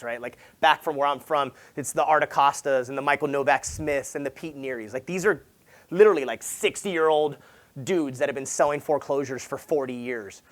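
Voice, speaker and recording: A real estate agent from Southern California tells stories in an energetic motivational keynote at a sales summit, casual and full of "like" and "right?". Animated throughout, he acts out quoted dialogue with abrupt, big jumps in pitch and volume.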